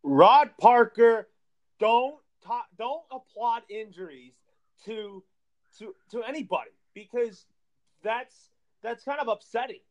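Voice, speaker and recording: High-pitched male sports podcast co-host, emphatic, lectures with loud bursts. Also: lively intonation, measured pace, muffled recording. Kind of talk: casual sports chat.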